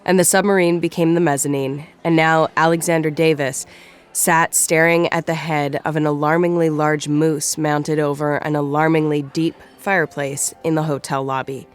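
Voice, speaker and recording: A narrator reading a novel in a measured storytelling manner. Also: mid-range voice, level tone, smooth. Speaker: audiobook narrator. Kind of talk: scripted narration.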